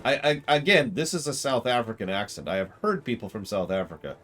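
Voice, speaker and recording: A man's voice: medium pitch, expressive, a little fast, a bit bright. A man streaming a game, commenting in a sarcastic, rambling way. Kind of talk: casual commentary.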